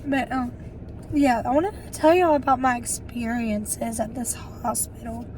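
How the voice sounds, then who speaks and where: Hoarse woman vlogging. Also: on the high side, a little mellow, slight background noise. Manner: chatty, storytelling, quick asides. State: hoarse and winded from bronchitis. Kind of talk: casual chat to camera.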